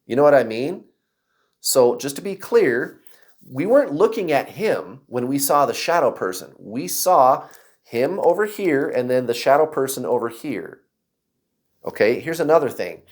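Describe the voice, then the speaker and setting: A man casually telling a personal story to camera, acting out other people's voices and shouts. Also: mid-range voice, very animated, a little slow. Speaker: vlogger.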